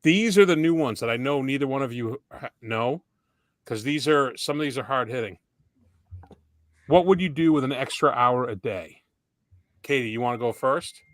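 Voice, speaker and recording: Relaxed dude asking quiz questions on a podcast, mid voice, dry mic. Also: male voice, medium pitch, normal speed, pauses often, no echo. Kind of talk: casual chat.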